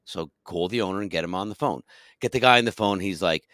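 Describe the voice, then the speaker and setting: A deep-voiced male drummer, co-hosting a podcast, tells a story quickly in casual chat, animated and acting out the people he quotes. The recording is studio quality with no room sound.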